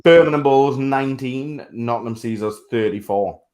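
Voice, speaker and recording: A man co-hosting a casual sports podcast, talking bluntly, swearing freely and laughing loudly. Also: medium pitch, moderate pace. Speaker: podcast co-host.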